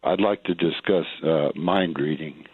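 A man's voice: very deep voice, unhurried, husky. An older retired man calling in to a radio show, speaking tersely and hesitantly. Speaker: caller. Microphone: telephone. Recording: tinny phone line.

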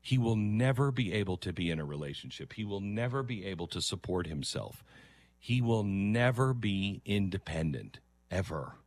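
A man's voice: lowish voice, lively intonation, normal speed, a little mellow, no room sound. A middle-aged man commenting earnestly on a video, lecturing and sometimes mocking with impressions. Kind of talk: reaction commentary.

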